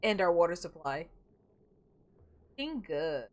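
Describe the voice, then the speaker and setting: A woman's voice: lowish voice, sing-song, a little slow, darkish tone. A woman streaming a game, chatting casually, muttering to herself and breaking into playful outbursts.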